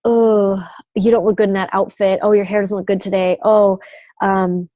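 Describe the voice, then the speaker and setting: Woman voicing a nagging inner doubt voice, hushed, half-whispered, undermining, dry close sound. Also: medium pitch, level tone, moderate pace, no echo, natural voice. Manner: undermining, discouraging.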